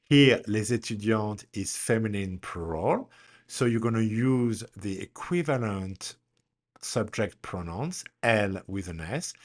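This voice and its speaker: A male language teacher delivering a recorded grammar lesson at an unhurried, measured pace. His pitch swings widely, jumping up on the example questions he models for learners to repeat. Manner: slow, deliberate, models questions with a strong rise.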